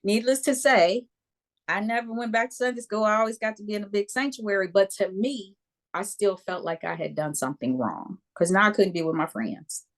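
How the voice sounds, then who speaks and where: Speaking at medium pitch and a fairly quick clip, a fifties-aged woman from the United States recounts a personal story as an interview guest. She works as a Reiki practitioner and is a lively storyteller who voices characters and often checks in with "okay?".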